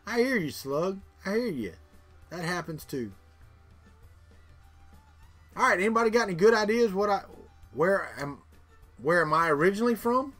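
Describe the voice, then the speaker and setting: Speaking to live viewers, this middle-aged Southern-accented man from Florida rambles, repeats himself, and chuckles. His voice sits high and sounds expressive and fairly bright, moving at a moderate pace with long pauses over soft background music.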